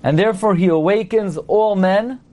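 A man with a fairly high voice teaches a class. He is playful and quizzing, and he sounds out his examples aloud as he goes. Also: moderate pace, dark tone. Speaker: Torah teacher. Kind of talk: lecture to a class.

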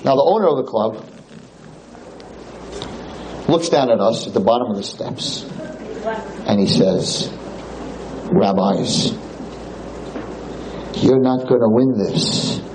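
Animated rabbi telling a story. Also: male voice, mid-range voice, background noise. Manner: animated storyteller, acts out quotes. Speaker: rabbi and lecturer. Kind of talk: storytelling lecture.

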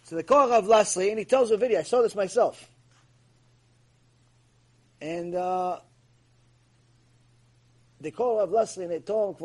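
Husky, high-voiced rabbi telling a story. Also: male voice, measured pace, pauses often. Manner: animated storyteller, sprinkles in Hebrew terms. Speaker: rabbi teaching an ethics lecture. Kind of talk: storytelling Torah lecture.

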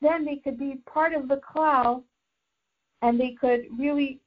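A woman's voice: high voice, fairly even intonation, measured pace, lo-fi sound. A woman teaching a religious class mixed with life coaching, explaining step by step and repeating phrases as she thinks.

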